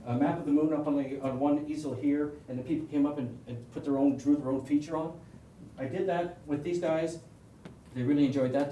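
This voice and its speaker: A man's voice: fairly high pitch, dark tone. A man with a Canadian accent giving a casual, rambling presentation to a club audience, with joking asides and frequent restarts. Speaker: presenter at an astronomy club meeting. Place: meeting room. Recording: echoey room, voice from far off, faint hiss.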